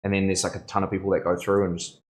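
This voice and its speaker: Laid-back, low-voiced man chatting on a live stream. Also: little pitch movement, racing, slight background noise. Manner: laid-back and rambling, calls viewers bro, laughs often. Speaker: tattoo artist streaming live. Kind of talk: casual live-stream chat while working. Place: tattoo studio.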